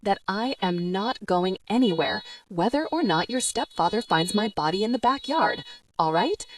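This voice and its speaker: A woman voicing a gentle, old-fashioned young male ghost, who speaks formally and reassuringly without contractions. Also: lowish voice, very animated, moderate pace. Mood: tender.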